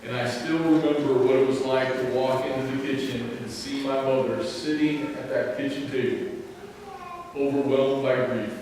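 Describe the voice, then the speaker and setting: A male pastor giving a sermon, telling a personal story in an earnest, deliberate way. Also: mid-range voice, a little mellow, slight background noise. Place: church sanctuary. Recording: echoey sanctuary, mic at a distance.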